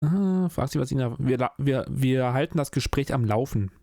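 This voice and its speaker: A man's voice: mid-range voice, animated, a little fast, warm tone, dry recording. A man doing casual let's-play commentary, joking and sarcastic about what happens on screen. The sound is close and dry, with no room around it.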